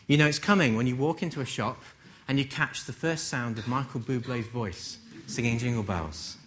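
A man from England giving a conversational sermon, gently humorous and full of rhetorical questions. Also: medium pitch, moderate pace. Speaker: preacher.

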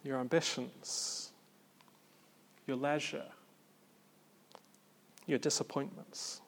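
A man preaching a sermon in an earnest, reflective way, with pauses and gentle emphasis. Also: on the high side.

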